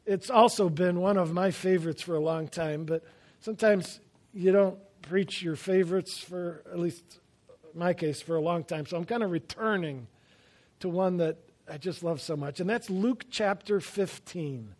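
Here a man with a high-pitched voice preaches at a moderate pace, mixing self-deprecating anecdotes with shifts from loud, emphatic lines to quiet asides. He is a pastor.

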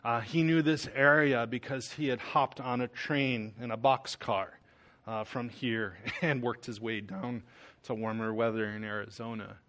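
A man's voice: medium pitch, steady tone, a little slow, fairly bright tone. A man preaching a sermon, telling a personal story in an earnest, conversational way. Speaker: pastor.

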